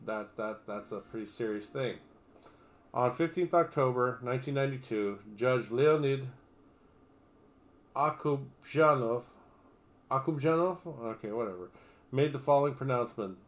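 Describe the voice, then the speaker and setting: A man's voice: medium pitch, normal speed. A man on a livestream reading an article aloud, stumbling over names and breaking off for crude, sarcastic remarks. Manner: reads steadily, breaks off for crude, sarcastic asides.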